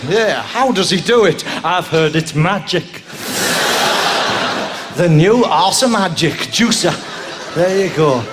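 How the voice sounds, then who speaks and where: A man doing stand-up crowd work on a theatre stage, rambling and jumping into squeals and silly voices. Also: a little high. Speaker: stand-up comedian. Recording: live show recording with noise behind.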